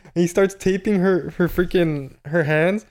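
A young man with a Canadian accent chats loosely on a podcast. His voice sits a bit high, and he ends nearly every thought with slang. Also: unhurried, a little mellow. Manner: slangy, says bro a lot. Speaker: podcast co-host. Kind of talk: casual chat.

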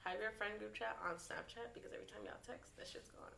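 A woman co-hosting a casual podcast chat, often soft-spoken and relaxed, giving slangy advice to listeners. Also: medium pitch, quick pace, vocal fry, background noise.

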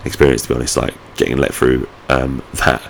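A man with an extremely deep, gravelly voice, telling a story in a loose, rambling way. His talk is casual and full of swearing, and he pokes fun at himself. A faint hiss of noise sits behind him as he vlogs from home. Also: little pitch movement, a little fast. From United Kingdom. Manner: sweary, rambling, self-mocking. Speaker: vlogger. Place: at home, indoors.

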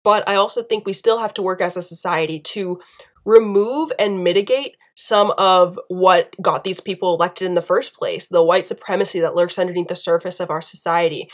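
A woman's voice: lowish voice, moderate pace. A woman from the United States delivering a passionate political opinion monologue, emphatic and piling up repeated phrases. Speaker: political commentator.

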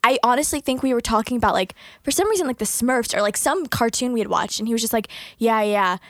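A young woman tells a story on her podcast in a bright, slightly high voice, laughing often as she talks. The sound is dry and close, with no room around it. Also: fast, dry recording. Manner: giggly, laughs through her stories. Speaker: podcast co-host. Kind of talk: casual storytelling chat.

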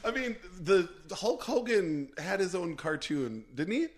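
A man's voice: sits high, a little slow. A man co-hosting a podcast in casual chat, rambling animatedly with lots of "like"s. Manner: animated, rambling storyteller with many "like"s. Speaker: podcast co-host.

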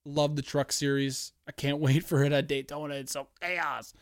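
Brief: rambling male podcast host with a slightly high, clear voice, swears often. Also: normal speed, no room sound, clean studio sound. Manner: profane, animated, rambling. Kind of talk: casual solo podcast rant.

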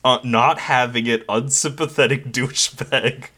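Dude recapping movie scenes with dry jokes, little bit of hiss on the track. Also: male voice, mid-range voice, steady tone, normal speed, sharp tone. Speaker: podcast co-host. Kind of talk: casual movie chat.

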